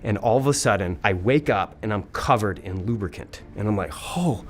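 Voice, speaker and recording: A young man, an Air Force veteran, excitedly retelling a story and acting out the quoted dialogue in a casual way. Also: lowish voice, fairly quick. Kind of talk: animated personal storytelling.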